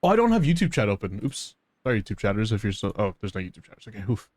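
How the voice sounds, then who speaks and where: A man's voice: on the low side, very animated, racing, dry recording, clean studio sound. Profane, teasing male game streamer. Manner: profane, teasing, laughs often. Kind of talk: casual live gameplay commentary.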